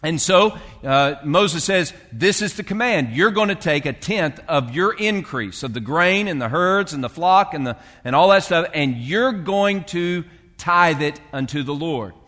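A man's voice: fairly high pitch, expressive, measured pace, a bit bright, big-room sound. A male pastor preaching a sermon in a loose, conversational way, with fillers and restarts as he reads and explains scripture.

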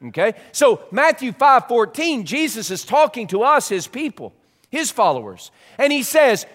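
A man preaching a sermon as pastor, animated and emphatic, often repeating words as he builds a point. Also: very high voice, normal speed, in a large hall.

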